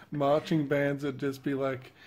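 A young man co-hosting an art channel, chatting in a relaxed way and trailing off mid-sentence. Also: medium pitch, takes it slowly. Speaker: channel co-host. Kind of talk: casual chat over a drawing video.

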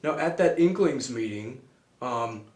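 A male interviewer asks curious follow-up questions in a mid-pitched voice. His voice carries a noticeable room echo. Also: expressive, measured pace, darkish tone. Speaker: interview host.

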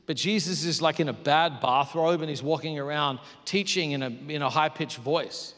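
A man preaching a sermon as pastor, moving between loud bursts and hushed near-whispers. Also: on the high side, normal speed. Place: large church hall. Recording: hall reverb.

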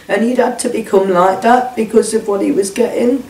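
A woman's voice: mid-range voice, fairly even intonation, fairly quick, few pauses, a little mellow. A middle-aged woman speaks bluntly and emotionally, swearing and voicing the people in her story. Her voice rings around an echoey room. She sounds set back from the microphone. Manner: blunt, swears, acts out quoted speech. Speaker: whistleblower guest. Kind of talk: emotional first-hand account. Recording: echoey room, distant mic.

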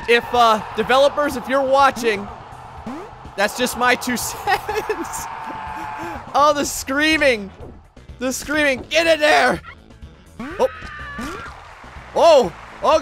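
A man excitedly commentating his own gameplay, often shouting and laughing at what happens on screen. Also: extremely high pitch. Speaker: gaming channel host.

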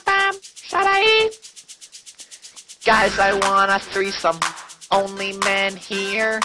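Young man doing a crude crooning singer, slow drawl, loud music behind. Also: high voice, voice pushed up.

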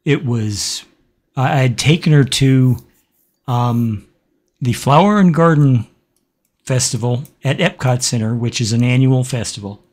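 Man host, middle pitch, unhurried, halting and reflective delivery, many pauses. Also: darkish tone. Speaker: gaming channel host. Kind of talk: casual let's-play commentary with a personal story.

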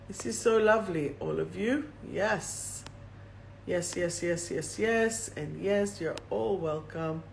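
A woman hosting a live-streamed oracle card reading, reading each affirmation slowly and then repeating it. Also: on the low side, gravelly, darkish tone, a little hiss or hum. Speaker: host and card reader.

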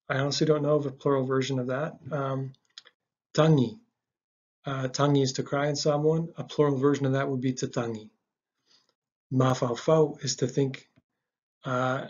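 Relaxed man teaching with husky voice. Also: mid-range voice, lo-fi sound. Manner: relaxed, many ums and uhs, repeats words slowly. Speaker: language teacher. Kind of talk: casual language lesson.

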